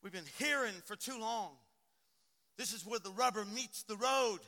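A man preaching a sermon, swinging from quiet talk to shouting. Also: sits high, moderate pace. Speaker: pastor. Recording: long hall reverb.

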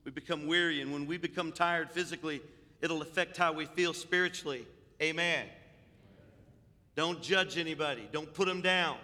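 Older man preaching, bright tone, higher-pitched voice, hushed to loud, long hall reverb. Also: normal speed. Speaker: pastor. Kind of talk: sermon.

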